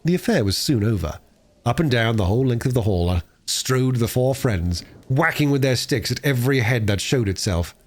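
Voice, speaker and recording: Lively, expressive male storyteller. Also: medium pitch, moderate pace. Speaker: audiobook reader. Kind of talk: unabridged cold reading of a classic novel.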